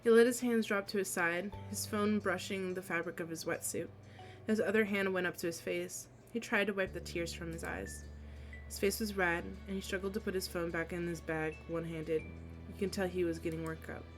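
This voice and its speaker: A woman's voice: on the low side, steady tone, normal speed, soft background music. A young adult woman streamer reading a visual novel aloud, with casual, emotional asides.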